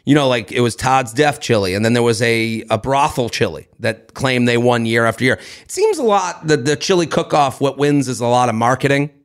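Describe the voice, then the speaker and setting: A young man co-hosting a podcast, telling a story in lively casual chat and acting out the voices of people in it. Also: medium pitch, brisk, few pauses. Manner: animated, acts out voices, swears and laughs. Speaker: podcast co-host.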